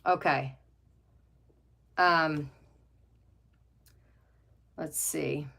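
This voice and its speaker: Her voice is deep, gravelly, and bright, delivered very slowly in a steady, forceful tone. This middle-aged woman runs a home craft livestream on a webcam, chatting loosely, reading viewer comments aloud, and gushing over pets amid many fillers.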